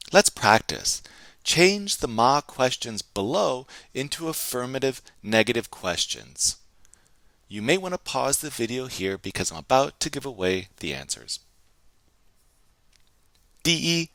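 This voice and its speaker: A man teaching a recorded language lesson, slowly and clearly modeling phrases and repeating them for students to practice. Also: mid-range voice, big pitch swings, fairly bright tone, dry recording.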